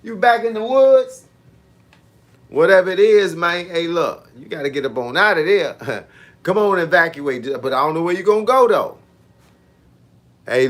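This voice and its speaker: A man in his 50s, a fitness coach, banters casually with livestream viewers in a relaxed, slangy way. His voice is a little high and slightly bright.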